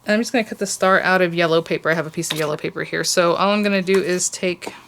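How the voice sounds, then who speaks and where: A woman's voice: lowish voice, fast talker, creaky, fairly bright tone, a little hiss or hum. A woman hosting a casual crafting tutorial, chatty and gushing over cute details as she works.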